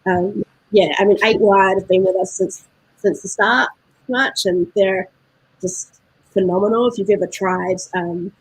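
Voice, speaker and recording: Guest spot: New Zealand woman, husky, dry close sound, easygoing chatter. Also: medium pitch, moderate pace, no echo, low-quality recording. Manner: chatty, laughs often, many fillers. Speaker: guest from a beer importer. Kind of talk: casual video-call chat.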